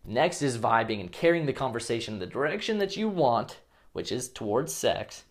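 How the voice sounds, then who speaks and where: A man's voice: medium pitch, sing-song, moderate pace. A man coaching on dating in a casual vlog, blunt and swearing at times, acting out sample lines.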